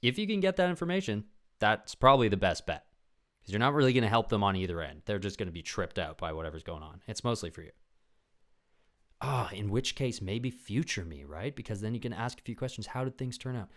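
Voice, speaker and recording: A man's voice: fairly low pitch, expressive, fairly quick. A young man hosting a podcast in a casual, rambling, profane chat. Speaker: podcast host.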